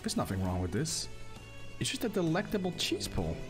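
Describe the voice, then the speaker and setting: A man's voice: a little high, huge pitch swings, normal speed, soft background music. A man streaming a game, chatting casually and teasing his co-player with jokey banter. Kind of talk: casual gaming stream chat.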